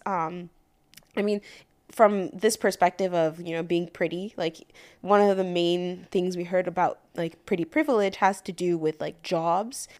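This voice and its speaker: A woman co-hosting a podcast in casual chat, her voice raspy from losing it, with dry wry remarks. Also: on the low side. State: raspy from a lost voice. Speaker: podcast co-host.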